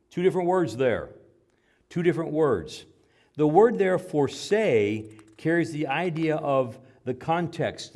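Male pastor mid-sermon, average pitch, dynamic delivery with loud peaks and quiet asides. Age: adult father. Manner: preaching with big swings from loud emphasis to quiet, low asides.

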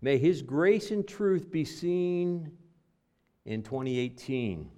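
A middle-aged male pastor preaching a sermon, emphatic and repetitive, dropping low and quiet to stress key words. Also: animated, slow.

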